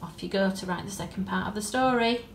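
A woman teacher reading a story aloud for young pupils and explaining it gently, with coaxing questions. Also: medium pitch, fast, reverberant, a little hiss or hum. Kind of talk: storytelling lesson for children.

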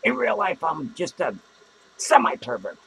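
A high-sitting, very animated voice with vocal fry comes through a rough recording with slight background noise, exaggerated and a little slow. The man is in character as a boozy, vulgar clown hosting a podcast in a small studio, whose self-mocking ramble is studded with swearing and loud cackles.

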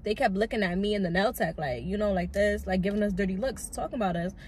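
A young woman in her twenties telling a story straight to her viewers in a chatty, animated way, full of "like" and "bro" fillers. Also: medium pitch, quick pace, slight background noise. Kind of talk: casual storytime chat.

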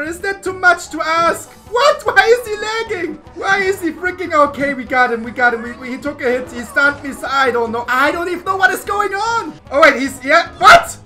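A woman giving casual gameplay commentary as a gaming YouTuber, excitable and often exasperated, laughing as she plays. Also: extremely high pitch.

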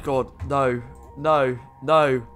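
A young man giving casual, excitable commentary on his own football video game match, groaning and shouting at the play. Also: medium pitch, drawn-out words, smooth, faint music behind. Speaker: gaming YouTuber.

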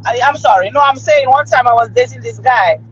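A woman's voice: fairly high pitch, a little fast. A middle-aged woman, telling a story in a casual chat and often checking in with her listener. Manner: chatty, keeps checking in with the listener. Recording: slightly muffled recording.

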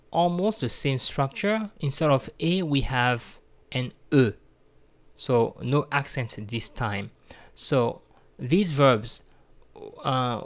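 Slow, patient male French teacher. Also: medium pitch. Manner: slow, patient, repeats words for learners. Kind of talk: grammar lesson.

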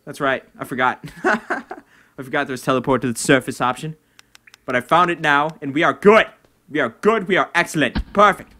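A young man commentating his own game play at home, excitable, breaking into shouts and laughs at his wins. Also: on the high side, normal speed. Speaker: gaming video host. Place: home room.

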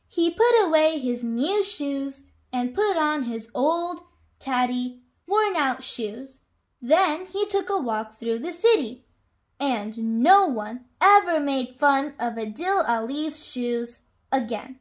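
A woman reading a children's picture book aloud, with clear, expressive storytelling. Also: sits high, slow.

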